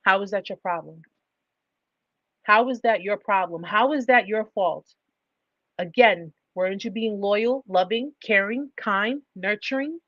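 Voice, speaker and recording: A woman's voice: medium pitch, a little slow, dry recording, lo-fi sound. A woman hosting a livestream advice talk, speaking emphatically and driving points home with repeated rhetorical questions. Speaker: livestream host.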